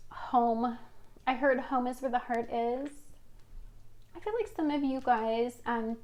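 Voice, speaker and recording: A woman's voice: on the high side, slow pace, darkish tone. A woman giving a casual tarot reading, talking in a chatty, rambling way with fillers. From Washington state. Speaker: tarot reader.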